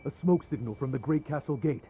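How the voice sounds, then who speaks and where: An actor voicing a stern male samurai soldier in a video game, with a measured, formal delivery, heard as dull game audio played back. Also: medium pitch, mellow, faint music behind, close to an everyday voice. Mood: solemn.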